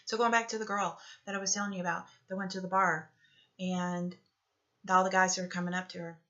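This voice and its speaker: A woman speaks in a motivational talk that drifts into guided meditation. She coaches earnestly and repeats herself for emphasis. Her voice is bright and forceful, and the recording sounds dull and lo-fi. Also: lowish voice, flat delivery, a little fast. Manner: earnest, repetitive coaching, frequently asks "okay?".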